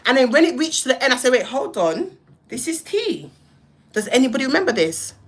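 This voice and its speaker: A woman's voice: sits high, fairly bright tone, husky. A young woman, hosting a livestream and heatedly telling a story, cussing and acting out both sides of phone calls. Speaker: live-stream host.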